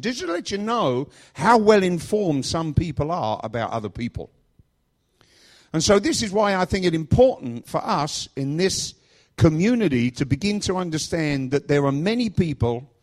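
Joking English preacher, lively pitch. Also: male voice, normal speed. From England. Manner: chatty, joking storyteller. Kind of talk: storytelling sermon.

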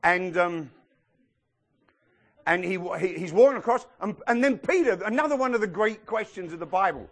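This middle-aged man preaches with liveliness, taking on the roles of Bible figures while telling their stories. His voice is high and his pace moderate.

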